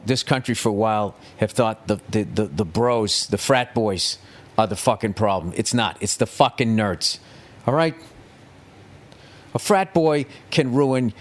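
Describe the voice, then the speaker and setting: A man hosting a podcast, delivering a profane, sarcastic comedic rant monologue. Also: mid-range voice. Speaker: podcast host.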